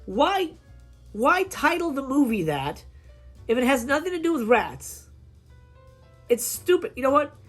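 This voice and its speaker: A woman's voice: on the high side, slightly rough. A woman reviewing horror films in a casual, profane rant, acting out scenes in quoted voices. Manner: animated, swears a lot, acts out scenes in quoted voices. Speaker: film reviewer.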